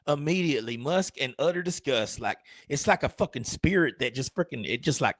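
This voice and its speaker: A man's voice: medium pitch, expressive, brisk, a bit bright, no echo. A man, a streamer and rapper, chatting casually in a rambling, crude, joking way. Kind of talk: casual livestream chat.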